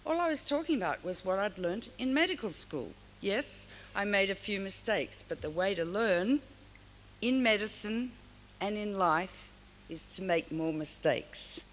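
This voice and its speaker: A woman's voice: mid-range voice, unhurried. An older woman from Australia giving a frank, storytelling award speech to an audience. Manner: frank, storytelling, animated asides. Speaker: award speaker. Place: large hall. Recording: long hall reverb, faint hiss.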